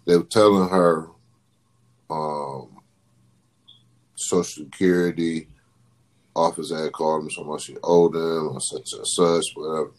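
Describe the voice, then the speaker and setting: A man's voice: a bass voice, steady tone, unhurried, long pauses, a little mellow. A man in casual chat, talking in a laid-back, emphatic way.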